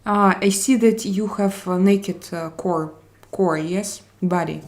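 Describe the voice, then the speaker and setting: Using a mid-range voice, a Russian woman chats casually on a live stream, welcoming viewers by name. She switches between English, Spanish and French, and her phrasing is leisurely and drawn out.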